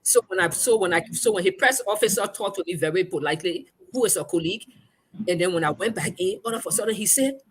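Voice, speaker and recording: A woman's voice: on the low side, fast, breathy edge. A woman journalist with a Liberian English accent, telling a story in conversation and acting out the quoted voices. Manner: animated, acts out quoted speech. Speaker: journalist guest.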